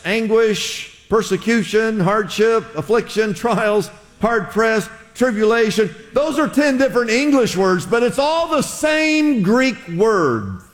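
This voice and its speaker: A man with a somewhat high voice preaches in a church sanctuary, his words trailing off into a long hall reverb. He talks in a loose, conversational way, restarting phrases and calling on the congregation to repeat after him. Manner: conversational preaching with audience call-and-response. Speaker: pastor. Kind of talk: sermon.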